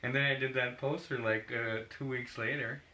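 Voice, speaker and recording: A man's voice: medium pitch, fairly even intonation, normal speed, sharp tone, low-quality recording. A man being interviewed as a photographer, telling long rambling anecdotes with laughs and acted-out quotes. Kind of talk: casual storytelling in an interview.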